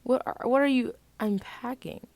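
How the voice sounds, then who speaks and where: A woman voicing an excitable young man who talks in a raised, emphatic way as she reads her story. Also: on the high side, moderate pace, creaky, no room sound, pitched above the performer's own voice. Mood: excited.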